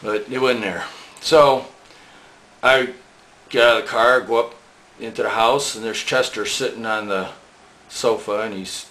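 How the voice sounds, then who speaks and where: A man's voice: lowish voice, fairly even intonation, a little slow, long pauses, sharp tone. A man casually telling a rambling, profane anecdote, chuckling now and then. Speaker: storyteller recalling band days.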